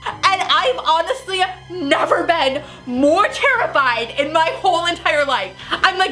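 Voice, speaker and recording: A woman's voice: very high-pitched, expressive, a little slow, pushed and bright, soft background music. A young woman telling a story on her vlog, breathless and laughing as she goes. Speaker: vlogger.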